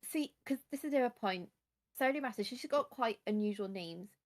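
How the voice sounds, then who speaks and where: A woman's voice: a little high, expressive, brisk. Chatty young woman streamer. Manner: chatty, rambling, explains at length. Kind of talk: casual chat about books.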